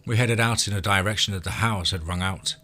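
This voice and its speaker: A man narrating an audio story in a measured, steady storytelling voice. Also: lowish voice.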